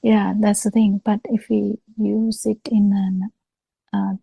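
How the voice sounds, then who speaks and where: A woman giving a Buddhist talk over a video call, speaking slowly with halting pauses and fillers. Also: medium pitch, little pitch movement, creaky, husky, dry recording, dull audio. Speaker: Buddhist teacher.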